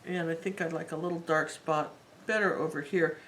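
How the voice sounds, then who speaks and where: A woman's voice: low-pitched, fairly even intonation, fairly quick, slight background noise, poor audio. A woman teaching a live painting tutorial, talking in a chatty and rambling way as she works. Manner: chatty, rambling and warmly enthusiastic. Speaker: art teacher.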